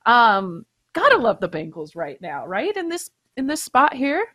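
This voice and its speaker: A woman's voice: a little high, huge pitch swings, measured pace, bright, forceful tone. A woman on a sports betting panel, asking about picks and laughing easily. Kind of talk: casual sports betting chat.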